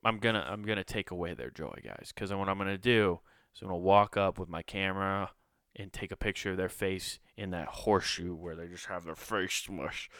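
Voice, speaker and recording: Man, podcast host, low voice, smooth tone, dry close sound, rambling, sarcastic, swears a lot. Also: brisk, a bit bright, dry recording. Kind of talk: casual comedic rant.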